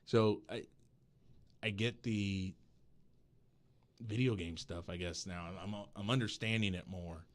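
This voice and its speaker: Very deep-voiced man, dry humor. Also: measured pace, pauses often. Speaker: podcast co-host. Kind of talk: casual chat.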